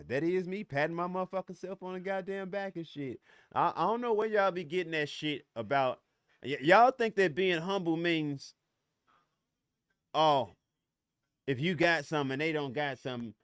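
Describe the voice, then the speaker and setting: A middle-aged man hosts a solo podcast, ranting in a heated, confrontational, profane way and often stumbling over restarts. His voice is high-pitched with a clean tone, and the studio recording is clean with no echo.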